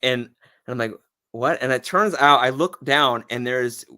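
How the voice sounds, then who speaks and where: A male comedian guest telling a long, animated story in casual chat, acting out the voices of people he quotes. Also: medium pitch, moderate pace, clean tone.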